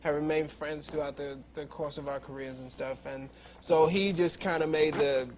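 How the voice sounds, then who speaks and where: A man's voice: a little high, fairly even intonation, moderate pace, a crowd in the background. Easygoing, laughing male comedian guest. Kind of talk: talk show interview. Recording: live studio with audience noise. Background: live studio audience laughter.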